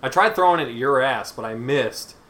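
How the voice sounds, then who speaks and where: A man's voice: medium pitch, expressive, fairly quick, fairly bright tone. A young man co-hosting a casual podcast, crude and teasing, recorded in a small apartment on a desk microphone a few feet away. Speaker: podcast co-host. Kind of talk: casual chat. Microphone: one shared desk mic about three feet away.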